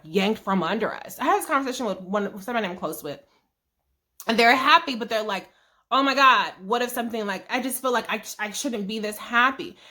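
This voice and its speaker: Bright-voiced woman with a foul-mouthed, chatty delivery. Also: medium pitch. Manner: profane, chatty, acts out quotes. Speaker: TV episode recap host. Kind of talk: casual vlog recap.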